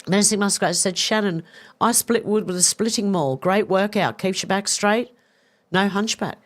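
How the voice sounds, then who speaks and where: Speaking at a normal speed in a mid-range voice, this woman runs a relaxed news live stream. She chats and pokes fun at herself, reading out comments from viewers and answering them with plenty of laughter.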